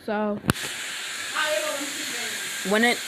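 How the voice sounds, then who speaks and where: A woman improvising a fan-fiction story out loud, rambling with many restarts and fillers. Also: medium pitch, flat delivery, extremely slow. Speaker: amateur storyteller. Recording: loud background noise.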